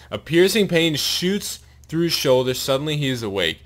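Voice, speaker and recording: A man reading a long story aloud in a steady narrating voice, his mouth sore and bleeding after a wisdom tooth removal. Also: fairly high pitch, moderate pace, few pauses. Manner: steady read-aloud narration with pained asides.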